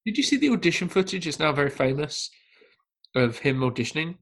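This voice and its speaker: A man in casual podcast chat, telling a film anecdote with lively energy and acting out quoted lines. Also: brisk. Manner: animated storyteller, acts out quotes in high voices. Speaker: podcast panelist.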